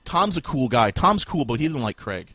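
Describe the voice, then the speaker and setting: A man hosting a podcast, ranting furiously and swearing, with shouted bursts. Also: mid-range voice, sing-song, normal speed, a crowd in the background. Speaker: podcast host. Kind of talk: profane ranting podcast talk.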